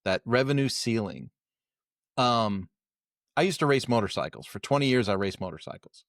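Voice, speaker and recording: A man's voice: mid-range voice, animated, normal speed, dry recording, clean studio sound. A middle-aged man co-hosting a podcast, telling a long story in casual chat and acting out the dialogue he quotes. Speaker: podcast co-host.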